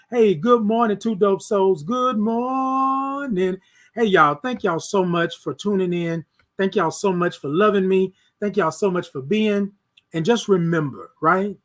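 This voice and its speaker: A fairly high-voiced man chats live with his viewers. He repeats warm affirmations and calls out names one by one. His voice jumps from loud bursts to soft asides. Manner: warm, repetitive affirmations, shouts out viewers by name. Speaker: host of a morning livestream. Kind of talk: casual live-stream chat with viewers.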